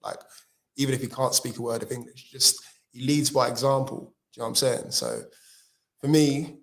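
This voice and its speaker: A man's voice: medium pitch, fairly even intonation, moderate pace, vocal fry. A man rating players as a fan pundit in a casual post-match chat, enthusiastic and joking.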